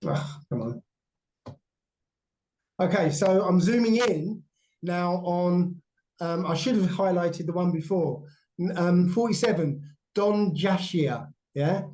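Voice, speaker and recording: Halting man with a mellow voice. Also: sits high, rough recording. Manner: halting, checks in with "right?" and "yeah?". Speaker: guest explaining a theory. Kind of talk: explanatory chat over shared slides.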